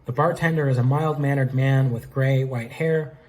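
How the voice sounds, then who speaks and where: A man's voice: medium pitch, fairly even intonation, moderate pace, darkish tone. A man reading his own fan script aloud in a casual, self-aware way, narrating the actions and naming the speakers. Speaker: script reader.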